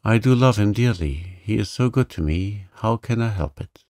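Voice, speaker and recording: Guy softly doing a calm gentle young woman, low gravelly voice, slow and resigned, dry sound. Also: no echo.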